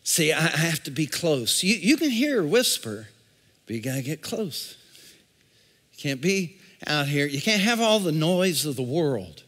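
A male pastor preaching a sermon, calling out to the congregation and swinging from shouts to a near-whisper. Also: a little high, very animated, a little slow. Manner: call-and-response preaching. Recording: long reverb in a large hall.

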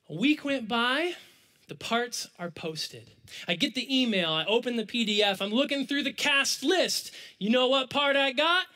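A young man giving a sermon, telling a personal story with big swings from excited shouts to hushed, quiet asides. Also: very high-pitched, normal speed.

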